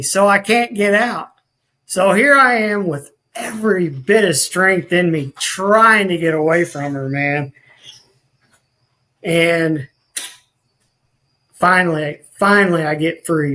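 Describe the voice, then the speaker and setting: A man's voice: high voice, measured pace, sharp tone, poor audio. A man, a podcast guest telling his life story in an earnest, rambling way with many restarts. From rural northwest Missouri.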